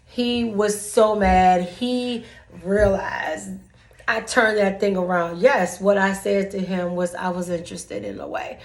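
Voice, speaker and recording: Brief: woman vlogger, casual and dramatic storyteller, acts out the dialogue, mid pitch. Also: steady tone, slow. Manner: dramatic, acts out both sides of a conversation. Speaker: vlogger giving dating advice.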